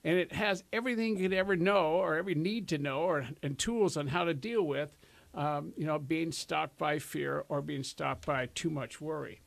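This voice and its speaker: A man's voice: on the high side, moderate pace, gravelly. A man hosting a casual self-help talk show, chatty and rambling, laughing often. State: out of breath. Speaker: host.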